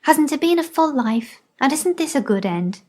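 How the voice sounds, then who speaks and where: Woman reading a calm dying father. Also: high-pitched, moderate pace, pitched above the performer's own voice. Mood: tender. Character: dying father, a calm middle-aged rebel leader.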